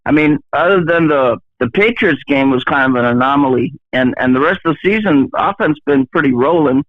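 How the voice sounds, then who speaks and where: A middle-aged man calling in over a tinny phone line, stumbling and restarting his sentences, modest and a bit self-mocking. His voice is fairly high for a man, and the line sounds dry. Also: no echo. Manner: halting, full of restarts, self-deprecating. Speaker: caller.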